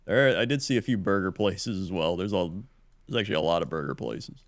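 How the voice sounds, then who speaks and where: A man's voice: low voice, lively intonation, a little fast, dry recording, studio quality. A man co-hosting a podcast, reading out sports in an easygoing, hesitant way with many fillers. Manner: easygoing, hesitant, many "uh"s while looking things up. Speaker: podcast co-host. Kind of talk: casual chat, mock news segments.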